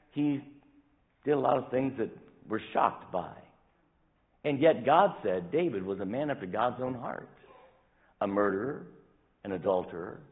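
Male pastor, emphatic sermon, lively rising and falling pitch, thin phone-like sound. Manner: emphatic, rising and dropping with stretched words. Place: church sanctuary. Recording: phone-like sound in a reverberant hall.

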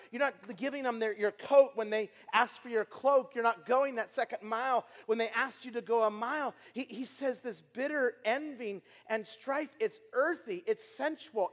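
A man preaching a sermon to camp staff, animated, repeating and restarting words and throwing questions at his listeners. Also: high voice. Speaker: traveling preacher. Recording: long hall reverb.

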